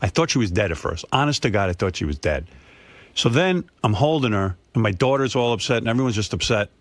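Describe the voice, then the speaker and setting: A man's voice: fairly low pitch, fast talker, no room sound. A man, hosting a radio talk show and telling a personal story in casual talk. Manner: animated storyteller, acts out his parents' voices. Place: radio studio. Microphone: studio microphone.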